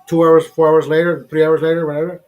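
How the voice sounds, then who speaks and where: A man hosting his own vlog, telling a story in a heated, profane, animated way. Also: fairly high pitch, fast talker, muffled recording, faint music behind. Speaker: show host.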